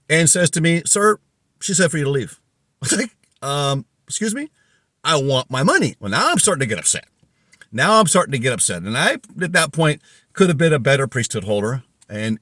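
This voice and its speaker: An agitated man tells a story in a casual podcast monologue and acts out each exchange. His pitch swings widely from high, strained peaks down to low, quiet stretches. The sound is dry and close. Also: no room sound. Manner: agitated storytelling, reenacts dialogue, voice rising and falling sharply. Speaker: podcast host.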